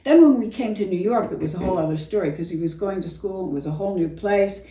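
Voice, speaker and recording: A woman's voice: mid-range voice, fast. An older woman tells theater stories in an easy, chatty way, laughing through them. She sounds a little distant from the mic, and the room carries a roomy echo. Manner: chatty storyteller, warm laughs through anecdotes. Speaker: actress and singer, guest. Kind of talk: casual interview, reminiscing.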